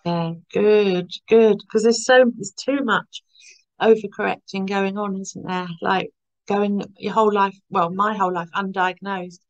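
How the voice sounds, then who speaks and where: A woman hosting a podcast, chatting casually and warmly agreeing with her guest, often ending points with "isn't it?". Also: medium pitch, steady tone, measured pace, lo-fi sound. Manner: warm, agreeing, ends points with tag questions. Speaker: podcast host. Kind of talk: casual conversation.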